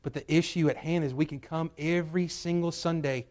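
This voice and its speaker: A man preaches from the pulpit of a church, his voice set a little high for a man. His delivery is emphatic, climbing to loud, urgent peaks and then falling back to quiet, low drops. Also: fairly even intonation, a little fast. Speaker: pastor. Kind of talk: sermon. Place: church sanctuary.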